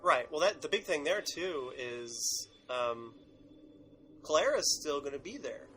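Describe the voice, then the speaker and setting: A man co-hosting a fan podcast, chatting playfully. His voice is a little higher than most, with a bright, forceful tone and a lively, swinging pitch. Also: slow, soft background music. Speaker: podcast co-host. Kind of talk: casual chat.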